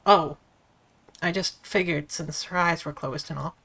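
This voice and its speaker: A woman's voice: low-pitched, steady tone, unhurried, a bit bright, husky, heavily acted. A woman voicing a drowsy, slightly dim young man who grumbles about being lost, reading a visual novel aloud. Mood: puzzled. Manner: plain, drowsy, mildly grumbling.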